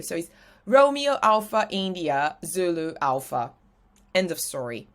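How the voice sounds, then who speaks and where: A young woman from Brazil with a Brazilian Portuguese accent, a native Portuguese speaker teaching an English lesson with slides and slowing down to spell letters out clearly. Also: fairly low pitch, very animated.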